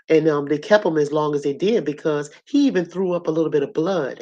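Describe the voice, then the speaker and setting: A hoarse woman with a cough, telling a story to her audience in a blunt, colorful, animated way. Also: low-pitched, dull audio. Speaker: host.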